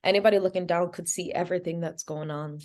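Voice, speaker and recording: A woman's voice: on the low side, quick pace. A young woman from Providence, Rhode Island, a podcast guest telling her story with lots of "like" fillers and acted-out dialogue. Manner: animated, acts out quoted dialogue, many "like" fillers. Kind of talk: storytelling in an interview.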